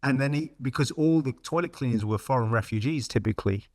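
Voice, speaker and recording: A man's voice: medium pitch, fast, no echo, studio quality. A middle-aged man frankly telling his career story in a casual interview. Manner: blunt, frank, lively retelling with quoted dialogue. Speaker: podcast guest.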